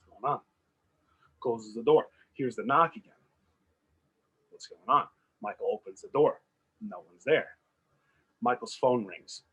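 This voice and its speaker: Husky man telling a story with gusto. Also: medium pitch, low-quality recording. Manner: animated, acts out characters' lines. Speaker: podcast co-host. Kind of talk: casual storytelling chat.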